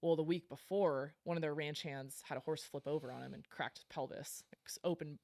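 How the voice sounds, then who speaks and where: A woman guest on a podcast, telling a story in casual talk, animated and self-deprecating, laughing often and with plenty of fillers. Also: sits low, brisk. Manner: frequent fillers like um and like.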